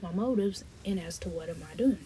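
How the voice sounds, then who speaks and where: A woman's voice: mid-range voice, brisk, mellow, slight background noise. A woman hosting a podcast, telling a personal story and acting out the dialogue while speaking to listeners directly. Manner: reenacts dialogue, talks to listeners as y'all. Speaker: podcast host.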